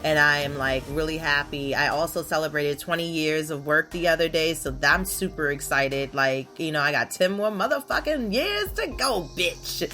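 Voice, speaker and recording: A woman, hosting a casual solo podcast in a brash, profane, animated way with sudden loud outbursts. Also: low voice, moderate pace, few pauses, soft background music. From Baltimore area, USA. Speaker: podcast host.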